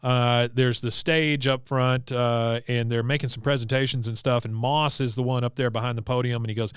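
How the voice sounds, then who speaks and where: Man, podcast co-host, casual recap, smooth clear voice, dry close sound. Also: medium pitch, normal speed, hardly any pauses, dry recording. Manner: animated storyteller, acts out quotes, frequent "uh". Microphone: desk mic on video podcast.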